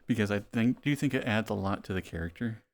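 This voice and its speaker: A man chatting casually on a live stream, playful and relaxed, laughing often. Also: on the low side, fast. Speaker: VRChat streamer.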